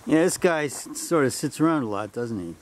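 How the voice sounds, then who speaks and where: Man, mid pitch, dry joker, faint background noise. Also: expressive, a little fast, a little mellow. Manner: dry joking asides. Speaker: visiting friend filming. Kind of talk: casual chat.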